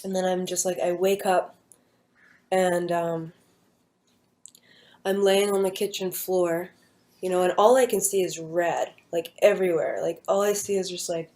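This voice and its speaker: A young woman casually recounting a personal near-death story, rambling with many fillers and an earnest, hushed manner. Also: lowish voice, steady tone, a little slow, long pauses.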